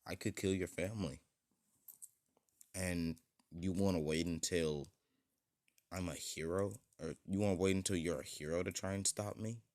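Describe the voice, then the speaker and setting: A man voicing a cold, scornful young male vigilante who kills villains, in a flat, dismissive tone. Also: deep voice, normal speed, pauses often, natural voice.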